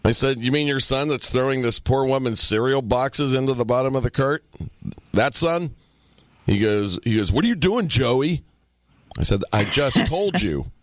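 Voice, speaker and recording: A man's voice: medium pitch, moderate pace, fairly bright tone, no room sound. A man co-hosting a podcast, chatting casually and telling profane stories, acting out the people he quotes. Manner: storytelling, profane, acts out quotes. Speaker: podcast co-host. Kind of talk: casual chat.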